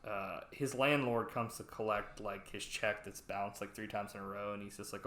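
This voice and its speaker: Here a podcast host speaks at a moderate pace in a lowish, flat, slightly bright voice over a faint hiss or hum. He rambles through a casual film recap, leaning on "like" and swearing, in a room with noticeable echo.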